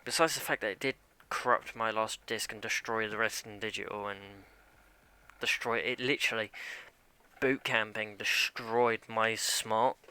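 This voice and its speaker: A man's voice: on the low side, steady tone, measured pace, pushed and bright, clear, resonant tone. A young man chatting casually and rambling as he streams a game, grumbling at it along the way. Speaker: live streamer.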